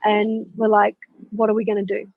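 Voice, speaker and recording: A woman telling a personal story as a podcast guest, animated and candid, with swearing and laughter. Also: medium pitch, normal speed, gravelly, no echo. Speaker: podcast guest, spiritual mentor. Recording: dull lo-fi, dry sound.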